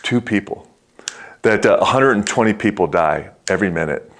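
Middle-aged male pastor, casual storytelling sermon delivery, halting with fillers, sobers down low for weighty lines. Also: lively intonation, fairly bright tone. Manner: storytelling with many fillers and restarts, dropping low and slow for serious words.

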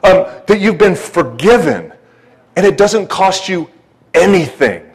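A man preaching to a church congregation in a folksy, joking way. His voice sits a little higher than most men's, and he stumbles often through fillers and restarts as he talks. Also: sing-song, unhurried, rough recording. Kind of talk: conversational sermon.

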